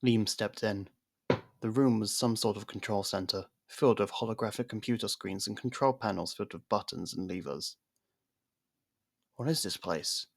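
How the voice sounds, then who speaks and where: A man's voice: on the low side, a little fast, vocal fry, no echo, studio quality. A man narrating a fan-made science fiction story and reading every character's lines. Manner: reads all parts, lively character voices. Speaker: narrator and audiobook-style reader. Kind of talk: scripted narration of a fan audio drama.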